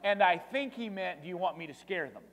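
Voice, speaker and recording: A male preacher telling personal stories in a sermon, slowing down and repeating lines for emphasis, with big shifts in loudness. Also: high-pitched, lively intonation, long reverb tail, a little hiss or hum. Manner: dramatic swings in volume, slow emphatic repetition. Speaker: guest preacher. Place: church sanctuary.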